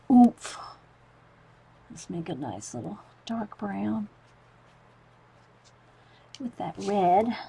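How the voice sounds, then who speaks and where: A woman's voice: mid-range voice, creaky, a little hiss or hum, poor audio. A woman demonstrating mixed media painting, murmuring to herself as she works. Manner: soft, murmured self-talk while painting, often near a whisper.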